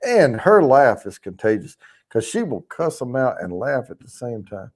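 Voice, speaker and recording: A man's voice: medium pitch, sing-song, normal speed. A man hosting a casual livestream, rambling and chatting with viewers in the chat, swearing freely as he talks. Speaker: livestream host.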